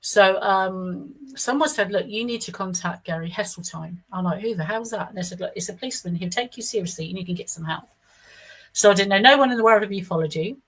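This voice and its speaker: Talking at a quick pace, a middle-aged woman with a mid-range, fairly bright voice shares a personal story, captured in a rough recording. It's rambling and casual, with frequent restarts and acted-out quotations.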